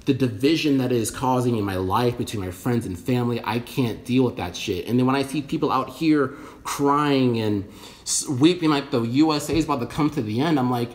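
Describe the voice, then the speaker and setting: A man from the United States talks straight to his viewers in a loose, rambling rant. He is blunt and profane, and his voice sits at an ordinary middle pitch. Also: fairly quick. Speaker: vlogger. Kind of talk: casual opinion rant to camera.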